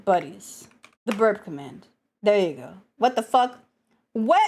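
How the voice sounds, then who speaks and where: A woman streamer with a cold, chatting casually and excitably with her chat, swearing and scolding them playfully. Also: medium pitch, a little slow. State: has a cold, coughing.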